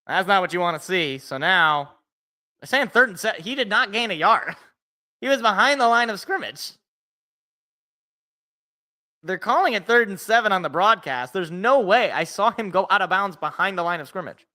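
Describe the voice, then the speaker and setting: A young man with a high, bright voice hosts a live game reaction. He rambles in casual chat, trips over his words and restarts sentences, then slips into calling each play himself. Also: animated, brisk.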